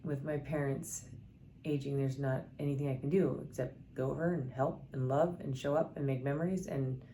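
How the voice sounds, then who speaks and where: A woman's voice: rumbling low, steady tone, normal speed, dark tone, slight background noise. A middle-aged woman sharing personal stories alongside scripture, earnest and candid, with many fillers and restarts. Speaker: scripture storyteller. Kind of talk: personal devotional storytelling.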